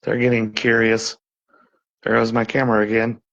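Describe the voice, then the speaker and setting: A man from Texas on a live-streamed ghost hunt, talking softly and reassuringly to an unseen presence in an old building. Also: medium pitch, completely flat delivery, moderate pace, gravelly, highs cut off. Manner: soft, coaxing, reassuring. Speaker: paranormal investigator. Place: old saloon building at night.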